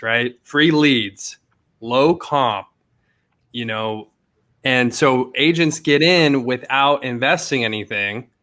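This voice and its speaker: A man's voice: on the high side, sharp tone. A man talking in a casual podcast conversation, ranting and often asking "right?" for agreement.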